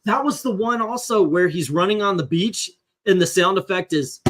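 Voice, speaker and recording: A middle-aged man hosting a casual comics panel chat, an animated storyteller who drops into impressions. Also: sits high, moderate pace. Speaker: comic book channel host.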